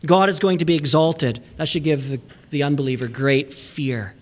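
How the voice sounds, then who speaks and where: A man pastor preaching a sermon in a church, emphatic, sometimes dropping to hushed asides and repeating words for emphasis. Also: on the high side, normal speed. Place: church sanctuary.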